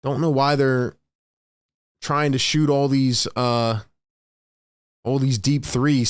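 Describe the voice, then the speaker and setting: A man's voice: mid-range voice, level tone, clear, resonant tone, dry recording, clean studio sound. A young man hosting a live stream, calling the action play by play and reading the chat aloud between plays. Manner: reads chat aloud, rapid play calls, rises on big plays. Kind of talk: casual live play-by-play commentary.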